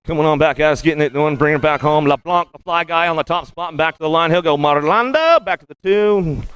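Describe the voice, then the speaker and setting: Rapid-fire rhythmic male race announcer. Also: a little high, fairly bright tone, dry recording. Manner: rapid rhythmic play-by-play, repeating stock phrases. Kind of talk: live race commentary. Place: BMX track announcer booth.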